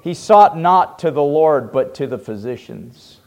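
A male pastor preaching a sermon, dropping to hushed low asides and rising to loud fervent pleading. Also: lively intonation, unhurried.

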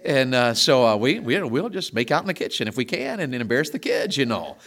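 Here a middle-aged man preaches in a conversational way, weaving in stories and shifting from soft asides to booming, emphatic climaxes while repeating words often. He talks at medium pitch with wide pitch movement and a fairly quick tempo.

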